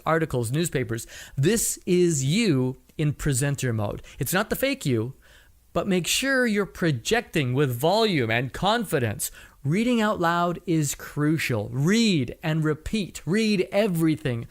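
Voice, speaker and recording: A middle-aged man hosting a podcast, giving blunt, wry advice in a solo talk. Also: a little high. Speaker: podcast host and coach.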